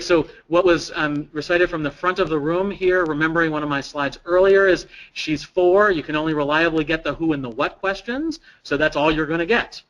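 A man's voice: a little high, a bit bright, dull audio. A man giving an interactive training lecture to a live audience, putting questions to the room and repeating people's answers. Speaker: presenter at a staff training.

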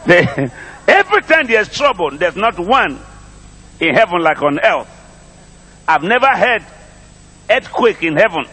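A man's voice: sits high, big pitch swings, slow, long pauses, bright, forceful tone, slightly rough, big-room sound. A middle-aged man with a Nigerian accent, preaching a sermon, drawing calls and responses from the congregation and repeating his phrases. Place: church congregation.

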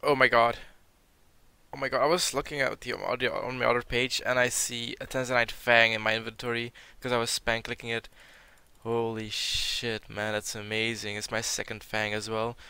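A young man who is sick gives casual game commentary with a gravelly, bright, crisp voice. He reads out loot drops and curses when something surprises him. He is recorded close and dry on a home mic. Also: medium pitch, completely flat delivery, moderate pace, no echo. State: sick, sounding a bit off. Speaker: gaming video creator.

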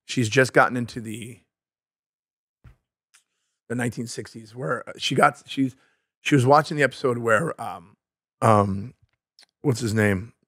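A man's voice: medium pitch, measured pace, pauses often, a bit bright, breathy edge, dry recording, studio quality. Rambling, self-mocking American man. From United States. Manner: rambling, self-deprecating, searches for words. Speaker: podcast co-host. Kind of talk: casual chat.

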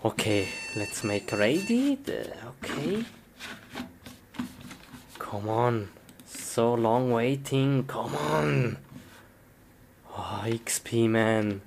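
A woman's voice: extremely low pitch, very slow, pauses often, a little hiss or hum. A woman performing a comic skit, talking to herself and breaking into frustrated yelps. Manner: excitable, bursts into frustrated yelps. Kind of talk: comic skit narration to self.

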